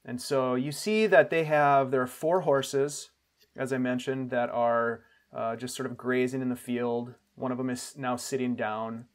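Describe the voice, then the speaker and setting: A man serving as game master, setting the scene at a steady, descriptive pace and restarting phrases now and then. His voice sits in a middle pitch. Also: measured pace. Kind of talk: narrating a tabletop game.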